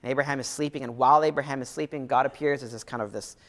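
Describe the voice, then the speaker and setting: A pastor in his thirties preaches a sermon conversationally, repeating phrases and restarting sentences often. His mid-range voice keeps a steady, fairly bright tone at a very fast pace, with long hall reverb in the recording.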